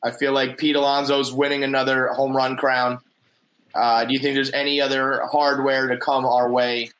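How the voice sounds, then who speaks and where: A man's voice: medium pitch, little pitch movement, moderate pace, fairly bright tone, a little hiss or hum, low-quality recording. A middle-aged man co-hosting a casual sports podcast, rambling with restarts and easy laughter. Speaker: podcast co-host.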